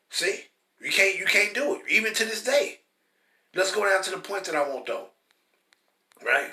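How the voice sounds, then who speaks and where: A man teaching the Bible in an informal, blunt and profane preaching style, repeating points emphatically and reading verses slowly and forcefully. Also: sits high, expressive. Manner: reads scripture slowly and forcefully. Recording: roomy echo from a distant mic.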